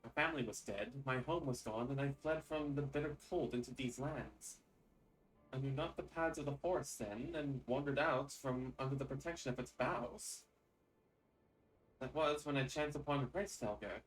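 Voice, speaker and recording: A man voicing a solemn, reserved woman who speaks in a measured, archaic way. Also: medium pitch, far from the mic, lightly acted, low-quality recording.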